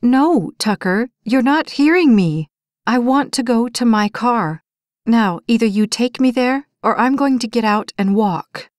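A woman's voice: mid-range voice, a little slow, no room sound, clean studio sound, lightly acted. A woman reading an audiobook, voicing a tired young woman who answers her pushy date firmly and sharply. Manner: firm and sharp, rising when pushed.

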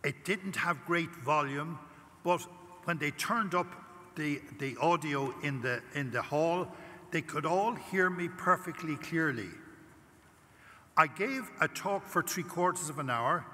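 An older Irish priest gives a testimony at a conference, speaking in a bright, forward voice pitched a little high for a man. His storytelling is animated, and he acts out his own prayers as he goes. The sound rings with the long reverb of a big hall. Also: a little slow, husky. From Ireland. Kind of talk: conference talk, personal testimony.

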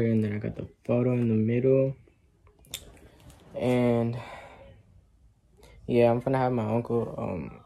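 At night near some cars, a young man records a casual vlog, nervous and emotional, using slangy, chatty talk. His mid-range voice is mellow with vocal fry, over noisy street ambience.

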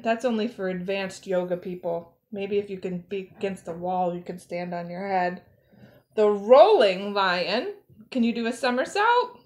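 A woman who works as a zoo educator, reading a picture book aloud and encouraging children to join in. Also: fairly high pitch. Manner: encouraging, talks directly to children. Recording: roomy echo.

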